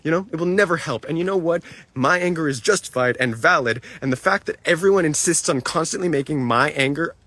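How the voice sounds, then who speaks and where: Man, high husky voice, lively pitch, dry sound, angry swearing stream rant. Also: a little fast, no echo. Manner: furious, heavy swearing, many restarts. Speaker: live streamer.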